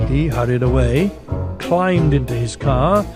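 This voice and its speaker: A man reading a railway storybook aloud as narrator, slow and gentle, doing the character voices himself. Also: mid-range voice. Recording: loud music underneath.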